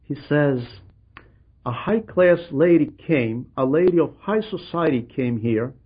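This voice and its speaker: A man's voice: a little high, expressive, a little slow, breathy edge. A man earnestly retelling a monk's story to a gathering and voicing the people in it. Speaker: religious storyteller addressing a gathering. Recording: dull lo-fi recording.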